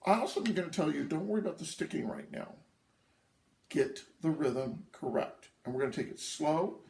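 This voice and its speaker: Male drum instructor, patient and methodical, counts aloud; gravelly tone, recorded distant in an echoey room. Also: fairly high pitch, darkish tone, a little hiss or hum. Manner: patient, counts rhythms aloud, checks in with "okay?". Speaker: drum teacher. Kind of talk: instructional lesson.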